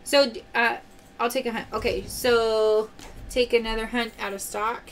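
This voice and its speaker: Cheery high-voiced woman selling pearls live. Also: little pitch movement, normal speed. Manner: upbeat, cheery, calls out prizes. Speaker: live-stream pearl seller. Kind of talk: live-stream selling chat.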